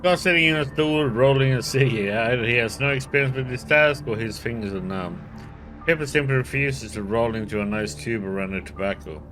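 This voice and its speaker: A man's voice: mid-range voice, fairly quick, over music. A man playing a role-playing game and reading its text and dialogue aloud in a casual way. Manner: reads out all the characters in a light, casual way. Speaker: let's play streamer.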